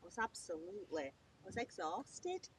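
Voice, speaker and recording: A woman's voice: mid-range voice, sing-song, normal speed, noisy background. A middle-aged woman, chatting casually and exclaiming as a motorhome travel vlogger. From England. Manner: chatty, exclamatory, laughs often. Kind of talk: casual chat. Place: outdoors by a motorhome.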